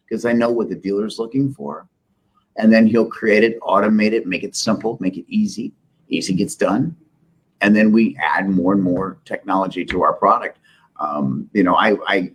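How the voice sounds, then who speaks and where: A man's voice: sits low, slightly rough. A middle-aged man, a company CEO, telling rambling, self-deprecating business stories in a casual interview. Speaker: software company CEO, guest.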